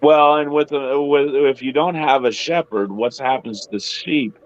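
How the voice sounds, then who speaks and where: A man's voice: mid-range voice, moderate pace. Male Bible study host, playful storyteller, lo-fi recording. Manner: retells scripture with playful acted quotes. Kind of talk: casual Bible discussion.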